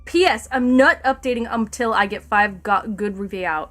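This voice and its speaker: A woman's voice: mid-range voice, moderate pace, few pauses, fairly bright tone, soft background music. Sarcastic woman streamer reading a story aloud. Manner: sarcastic, profane asides between read passages. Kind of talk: reading a fan story aloud with live commentary.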